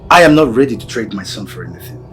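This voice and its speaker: An actor playing a father who keeps pleading for calm. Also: lowish voice, quick pace. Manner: soothing, pleading. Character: pleading father, gentle peacemaker. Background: music.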